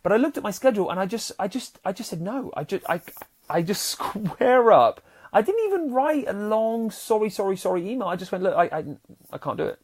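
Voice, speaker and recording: A man talks casually to his podcast listeners as a happiness coach. He is earnest and animated and stumbles over his words, and his pitch leaps high and then drops down low. He curses now and then without fuss. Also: a little fast, husky. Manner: earnest and animated, with frequent restarts and swings between loud and soft; swears casually and addresses listeners as warriors. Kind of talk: casual motivational podcast talk.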